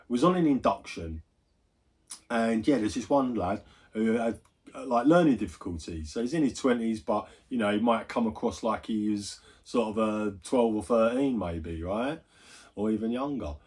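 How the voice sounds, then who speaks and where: A man's voice: lowish voice, a little mellow, slightly rough. A man chatting casually, swearing freely and wandering into asides as he tells a story on his gaming vlog. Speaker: gaming YouTuber.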